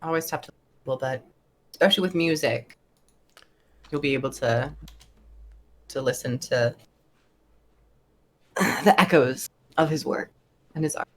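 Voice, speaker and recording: Low-voiced woman joking as a guest. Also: a little hiss or hum. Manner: joking, quick asides. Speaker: guest on gaming podcast. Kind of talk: casual gaming chat.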